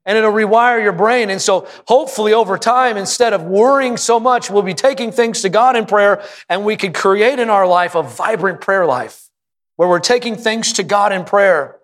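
Male pastor, fervent sermon delivery, slightly high voice, long church reverb. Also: normal speed, fairly bright tone. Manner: impassioned preaching, rising to high emphatic peaks. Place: church auditorium.

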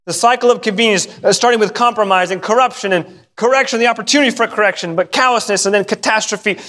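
High-voiced man preaching animatedly. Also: a bit bright. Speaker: pastor. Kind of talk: sermon. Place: church sanctuary.

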